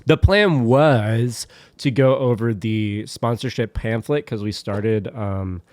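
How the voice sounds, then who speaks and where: A man's voice: mid-range voice, slow pace, a little mellow, no echo. A man co-hosting a podcast in casual, joking chat, rambling with fillers into a close mic. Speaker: podcast co-host.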